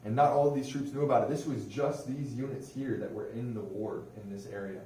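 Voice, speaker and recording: A man's voice: medium pitch, a little fast, warm tone. A man, a religious affairs airman, giving a chatty, informal history talk to a museum audience and often turning to them with questions. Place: museum room. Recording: roomy hall, distant mic, faint noise.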